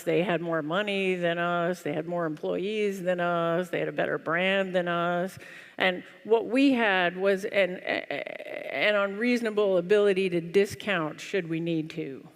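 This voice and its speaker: A woman giving a humorous keynote talk on stage, telling a story in a lively, wry, self-deprecating way. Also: on the low side, gravelly. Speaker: conference speaker. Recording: long hall reverb.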